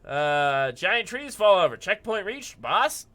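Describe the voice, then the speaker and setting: Brief: upbeat guy streamer, bright and a touch high, chatting through gameplay. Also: very animated, takes it slowly. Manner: chatty, upbeat, laughs often, talks to chat. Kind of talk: live gameplay commentary.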